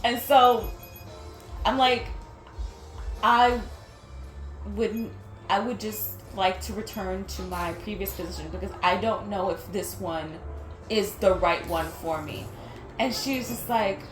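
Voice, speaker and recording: A woman's voice: medium pitch, slow pace, long pauses. A young woman telling a work story in a casual rant, candid and exasperated, swearing freely and stumbling over her words. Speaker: vlogger. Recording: roomy echo, faint music.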